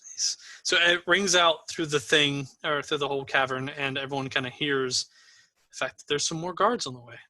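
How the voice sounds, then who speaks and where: A man runs a tabletop game as game master, his voice very bright and a touch high. He talks in an easygoing way with plenty of fillers. The sound is dry and close. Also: moderate pace, no room sound, rough recording. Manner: easygoing, with many fillers, still learning the player names.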